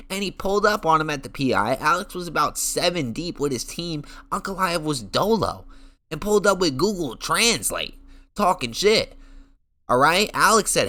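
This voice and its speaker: A man's voice: medium pitch, pushed and bright. A young man giving heated, slangy commentary on MMA fights. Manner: heated, slangy, mocking quoted voices.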